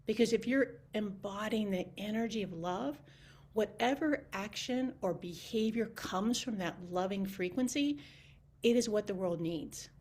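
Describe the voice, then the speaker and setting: A woman talking casually on a video call, telling animated stories full of quoted back-and-forth. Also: mid-range voice, unhurried, breathy edge. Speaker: community team member and guest.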